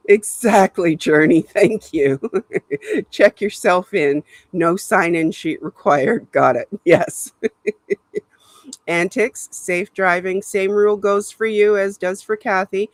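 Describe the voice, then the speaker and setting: A woman's voice: lowish voice, dry recording. A woman from Canada hosting a casual live stream from a home setup, chatting and laughing often as she greets viewers by name. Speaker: livestream host. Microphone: laptop webcam mic.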